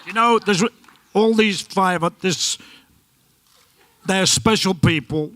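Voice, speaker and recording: A man's voice: sits high, slow, fairly bright tone. A man speaking at a tribute night, telling anecdotes about former players and repeating words as he goes. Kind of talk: speech at a tribute event.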